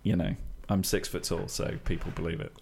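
A man with a South East London accent, laid-back and quick to laugh in casual chat. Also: sits low, steady tone, vocal fry, a crowd in the background.

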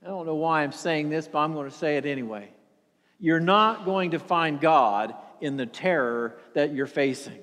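A man preaching a sermon in an earnest, halting way, often repeating words and sinking to a near whisper for emphasis. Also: fairly high pitch, a bit bright, big-room sound.

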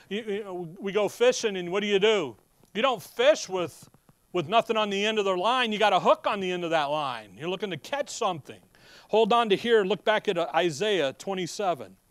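A middle-aged man preaching a sermon in a folksy, animated way, reading scripture slowly and loudly between casual asides. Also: high voice, dry recording.

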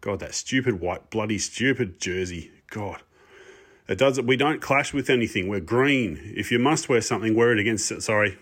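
A man's voice: lowish voice, moderate pace, fairly bright tone. A man playing a self-styled lord, a frustrated, ranting sports fan persona. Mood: exasperated rant. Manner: ranting, exasperated, swearing. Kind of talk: pre-recorded comic rant segment.

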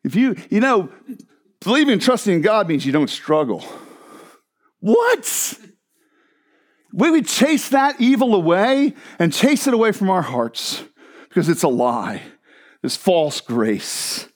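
A male pastor preaching a sermon in an animated, joking way, sometimes mimicking other voices. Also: high-pitched, unhurried.

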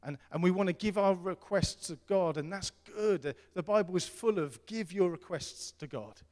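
A middle-aged man preaching a sermon as pastor, earnest and repetitive, swinging between loud appeals and hushed tones. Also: high-pitched, moderate pace. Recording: long hall reverb.

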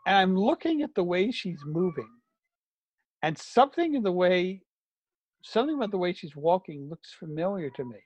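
A middle-aged man telling anecdotes in casual chat, animated and vivid. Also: sits high, moderate pace, no room sound, muffled recording. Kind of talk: casual storytelling.

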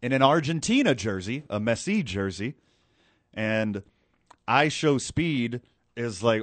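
Man, podcast host, casual chat, joking asides, lively swinging pitch, dry close sound. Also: slow pace, no echo. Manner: animated, joking, trails into asides.

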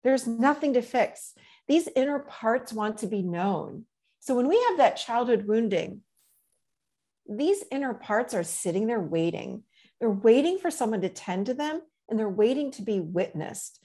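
A middle-aged woman coach telling stories in a gentle, reflective way in a casual interview. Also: fairly high pitch, animated, moderate pace. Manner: gentle, reflective storyteller with many "you know"s.

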